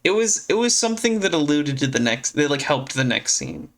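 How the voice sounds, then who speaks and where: A podcast co-host in casual chat, laughing often and tossing in quick asides. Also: medium pitch, big pitch swings.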